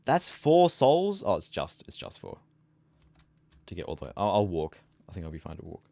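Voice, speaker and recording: Sleepy low-voiced male streamer. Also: a little fast, gravelly, darkish tone. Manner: rambling, tired, trailing off into mumbles. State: sleepy, yawning. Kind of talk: casual gameplay chat.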